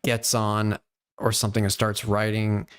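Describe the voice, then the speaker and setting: A man chatting casually, telling a relaxed anecdote. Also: on the low side, unhurried, smooth. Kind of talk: casual chat on a live stream.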